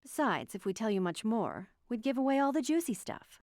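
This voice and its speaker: A woman voicing an arrogant, sharp-tongued female scientist who speaks in a condescending, sarcastic way. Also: fairly high pitch, animated, a little fast, dry recording, studio quality, close to an everyday voice. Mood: smug.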